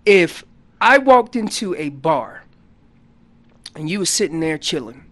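A man guest on a radio talk show, explaining elk calling in an animated storytelling way that gets loud on key points. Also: on the high side, measured pace. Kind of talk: casual radio interview.

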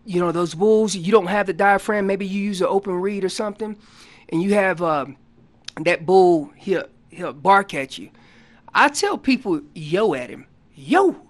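A man on a radio show explaining elk calls in a folksy, animated way, acting out what the animals are saying. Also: sits high. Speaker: elk calling guest expert. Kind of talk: casual radio interview explanation. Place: radio studio.

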